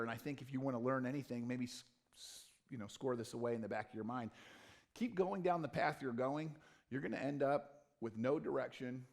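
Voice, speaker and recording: A man preaching a sermon as pastor, swinging between loud emphatic lines and low, quiet, intimate ones. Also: gravelly. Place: church stage or studio.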